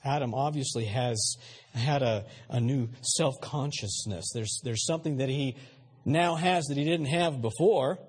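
A man's voice: mid-range voice, unhurried, slightly rough. A male pastor preaching a sermon, emphatic and questioning his audience, with frequent repeated words.

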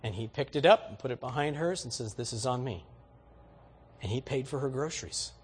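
A man's voice: mid-range voice, quick pace, a little hiss or hum. A man preaching a sermon, telling everyday stories in a folksy, exhorting way. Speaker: pastor.

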